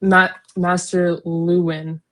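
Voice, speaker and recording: Low-voiced young woman recapping a book. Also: takes it slowly. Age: young adult. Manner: animated retelling, filler-heavy, giggly. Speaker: podcast co-host. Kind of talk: casual book discussion.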